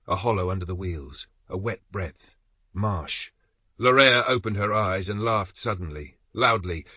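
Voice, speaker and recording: Low husky male audiobook narrator. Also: dry recording. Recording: dry, slightly dull recording.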